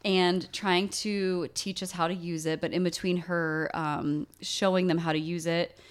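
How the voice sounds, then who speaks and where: A woman's voice: on the low side, steady tone, measured pace, a little hiss or hum. A woman co-hosting a podcast, chatting casually and retelling a listener's story with plenty of fillers. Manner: chatty, reads listener emails aloud with lots of fillers. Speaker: podcast co-host.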